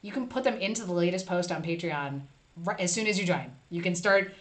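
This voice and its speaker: A woman's voice: on the low side, brisk. A woman hosting a casual live stream, chatting playfully and reading viewer comments aloud. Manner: chatty, reads chat aloud, playful asides.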